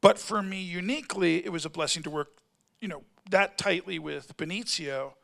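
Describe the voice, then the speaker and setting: His voice sits high, creaky and sharp, at a moderate pace, as the middle-aged male actor rambles through a convention panel anecdote. Sentences break off and restart, and he plays out other people's lines himself.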